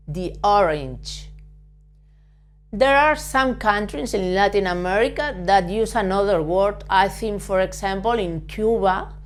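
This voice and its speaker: Slow, patient woman teaching. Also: medium pitch. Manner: patient, repeats words slowly and spells letters out. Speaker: Spanish teacher. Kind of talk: slow, careful spoken lesson.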